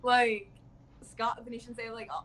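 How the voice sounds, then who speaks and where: A woman's voice: a little high, flat delivery, normal speed, crowd noise. A young woman co-hosting a casual podcast, playful and sarcastic, teasing her guest. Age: young adult.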